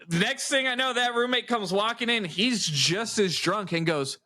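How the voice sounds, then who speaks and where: A man with a high, lively voice co-hosts a casual podcast. His tone is bright and his delivery animated, and he laughs and swears as he spins stories. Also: moderate pace, hardly any pauses. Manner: storytelling, laughs often, swears. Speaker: podcast co-host. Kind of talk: casual chat.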